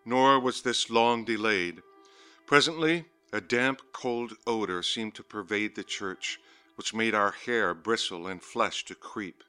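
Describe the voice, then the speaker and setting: A man reads a gothic horror tale in a slow, ominous, measured delivery, drawing out the darkest words. His voice sits fairly low but has a bright, forward edge. Faint music plays beneath the narration. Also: clear, resonant tone. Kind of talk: dramatic audiobook reading of a horror story.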